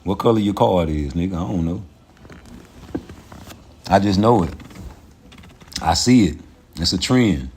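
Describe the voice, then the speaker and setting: Guy ranting on his live stream, cussing a lot, kinda low voice, laughs a bunch. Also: a little slow, long pauses, a little hiss or hum. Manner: profane, animated, laughs often. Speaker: livestream host. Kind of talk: casual livestream rant.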